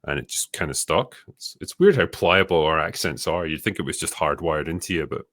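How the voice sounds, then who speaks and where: A man's voice: a bass voice, brisk, a bit bright, dry recording, clean studio sound. A man with a mild Scottish accent hosting a casual chat, reading out viewer questions and answering bluntly, swearing now and then. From Scotland. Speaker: show host reading superchats.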